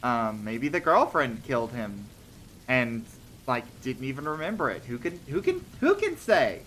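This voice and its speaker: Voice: medium pitch, big pitch swings, a little slow, fairly bright tone, slight background noise. A streamer telling short stories on a casual livestream, hesitant with many ums and restarts, laughing between thoughts.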